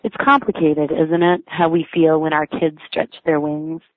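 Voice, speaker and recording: Unhurried and with little pitch movement, a woman's low voice reads her personal essay from her blog. She sounds wry, lightly amused, and self-mocking, while the audio is dry and tinny, phone-like, with no room sound.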